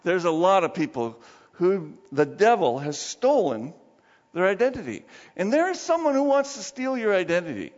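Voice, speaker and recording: A man preaching a sermon as pastor, praying softly and slowly, then telling stories with lively emphasis. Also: sits high. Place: church sanctuary. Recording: dull sound with long reverb of a church hall.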